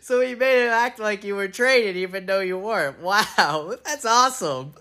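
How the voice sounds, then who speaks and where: A man hosting a casual interview, asking relaxed questions with brief prompts. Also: high-pitched, normal speed. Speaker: interviewer, host.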